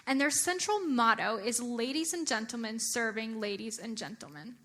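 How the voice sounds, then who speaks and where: A young adult woman giving a chatty, animated church talk, often using filler words. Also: on the high side, normal speed, hardly any pauses. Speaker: church speaker.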